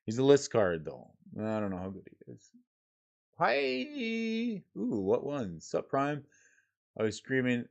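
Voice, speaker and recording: A man's voice: lowish voice, lively intonation, moderate pace, few pauses, dark tone, dull audio. A man streaming casually, reading card names and rules aloud and chatting with his viewers. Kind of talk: casual livestream chat while sorting cards.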